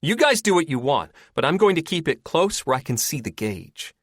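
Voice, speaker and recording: A stubborn, dry-witted woman doctor, as a male audiobook narrator voices her. She speaks flatly and firmly. Dry close recording. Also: on the high side, normal speed, dry recording, pitched above the performer's own voice.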